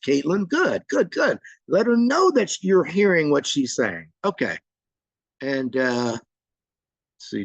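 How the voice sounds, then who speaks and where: A man with a mid-range, creaky, slightly bright voice runs a live online training session, reading participants' chat replies aloud and praising each person by name. He's chatty and informal with lots of fillers. The recording is rough but has no echo.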